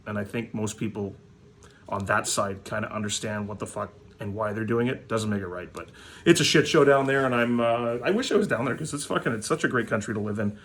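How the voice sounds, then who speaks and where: A man's voice: fairly low pitch, a little fast, slight background noise. A man from Manitoba, Canada, hosting a hockey card vlog in a blunt, profane, rambling rant full of fillers.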